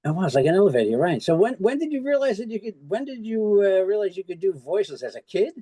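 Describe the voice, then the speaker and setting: A man hosting a podcast interview, talking casually and stumbling through quick restarts. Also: high voice, sing-song, mellow, no room sound. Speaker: podcast host.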